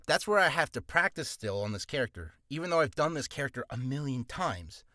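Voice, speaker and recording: A man's voice: medium pitch, sing-song, brisk, pushed and bright, no room sound. A man who is a voice actor, giving a casual tutorial in a rambling way with many restarts and apologies, recorded in a home booth on a studio mic. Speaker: voice actor teaching. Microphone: studio mic with pop filter.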